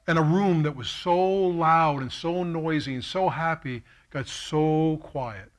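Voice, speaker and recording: A middle-aged man, giving an impassioned keynote speech as a story, acting out the voices of others and moving from hushed to fervent. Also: a little high, slow, hardly any pauses. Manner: animated, quotes himself and others, swings from hushed to fervent. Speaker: keynote speaker. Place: lecture hall at a college.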